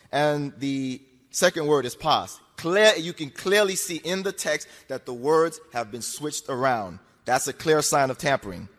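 A man's voice: a little high, fairly bright tone. A man giving an argumentative lecture to an audience, insistent and repetitive, pressing his points with rhetorical questions. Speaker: speaker addressing an audience. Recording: long hall reverb.

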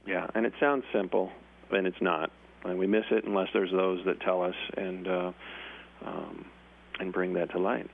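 A man's voice: low voice, flat delivery, normal speed, creaky, slightly rough, phone-quality sound. A man co-hosting a radio talk show, chatting casually with the teacher. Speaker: radio co-host. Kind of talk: casual chat.

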